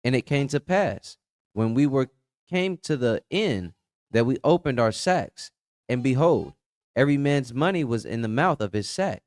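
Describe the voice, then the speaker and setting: Man, scripture reader, steady plain delivery, mid pitch, dry close sound. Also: moderate pace, dry recording. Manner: steady, plain reading of archaic text. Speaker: scripture reader in a Bible study. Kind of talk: reading scripture aloud.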